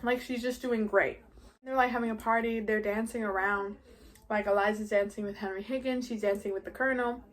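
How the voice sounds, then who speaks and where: A woman's voice: mid-range voice, fairly even intonation, brisk. A teenage girl vlogging while eating, chatty and casual, saying "like" constantly. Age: teens. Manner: chatty, heavy use of "like".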